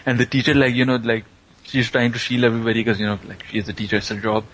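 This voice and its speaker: A man's voice: medium pitch, steady tone, fast talker, fairly bright tone, slight background noise, low-quality recording. A man casually recapping an anime plot, rambling with plenty of fillers. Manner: rambling, filler-heavy storytelling.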